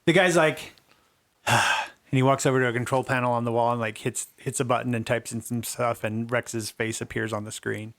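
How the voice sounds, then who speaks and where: A man narrating as game master of a tabletop game, relaxed and quick to laugh. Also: medium pitch.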